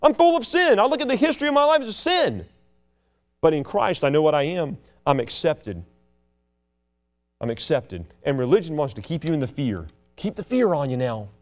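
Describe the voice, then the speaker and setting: A man preaching a sermon with passion, swinging between loud declarations and hushed asides. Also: sing-song, moderate pace, faint music behind. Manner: mocks proud churchgoers in a sneering low voice.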